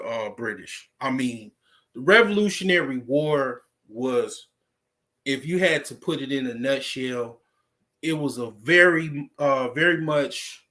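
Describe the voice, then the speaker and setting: American guy rambling slow, lots of "you know what i'm saying", swears a lot. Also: medium pitch, bright, forceful tone. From United States. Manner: rambling, heavy fillers, profane. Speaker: vlogger. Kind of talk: casual monologue.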